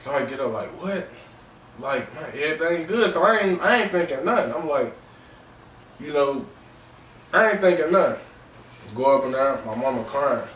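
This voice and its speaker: A man hosting a podcast, recounting a personal story in a halting way, repeating phrases and filling gaps with "man" and "you know.". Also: on the high side, expressive, a bit bright, slight background noise. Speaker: podcast host. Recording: roomy distant mic with faint ambience.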